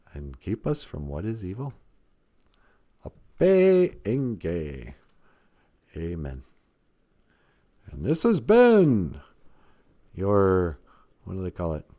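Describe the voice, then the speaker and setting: A man with a fairly low voice hosts a casual live stream, talking loosely and joking with himself. He rambles, trails into fillers and breaks into laughs. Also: dark tone. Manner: rambling and jokey, laughs often, hesitant fillers.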